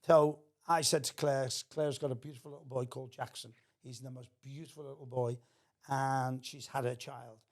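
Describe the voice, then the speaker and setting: A man's voice: medium pitch, little pitch movement, normal speed. An older man, telling a theatrical anecdote as a podcast guest. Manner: theatrical storyteller.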